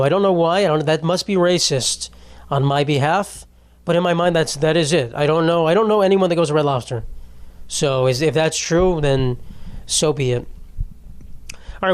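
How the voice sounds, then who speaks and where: A young man talks solo on his comedy podcast, loose and profane, full of "bro" and "dude." His voice sits a little high for a man. His throat is dry as he rambles on. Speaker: podcast host. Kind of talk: casual comedic monologue; read sponsor ad.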